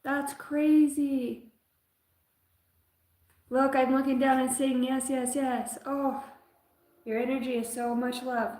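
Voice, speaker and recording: A woman giving a live psychic reading, talking in a halting, dreamy and emotional way, full of filler words. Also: sits high, flat delivery, a little mellow. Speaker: psychic reader. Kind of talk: live-stream intuitive reading. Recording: echoey room with music behind. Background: clear background music.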